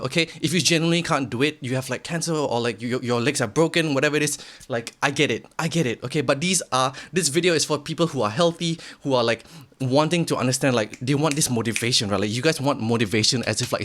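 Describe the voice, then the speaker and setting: A young man giving a blunt, profane motivational rant to the camera, swinging from quiet to shouting. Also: mid-range voice. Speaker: vlogger.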